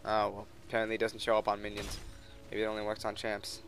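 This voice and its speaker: A man's voice: on the low side, monotone, fast, a bit bright, faint music behind. A young man giving casual, joking commentary over a video game, swearing offhand as he plays. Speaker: gameplay commentator.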